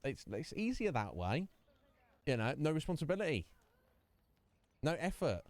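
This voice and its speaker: Animated man streaming a game. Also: on the high side, normal speed, dry recording. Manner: animated ranting, mock-quoting voices. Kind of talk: live gameplay commentary.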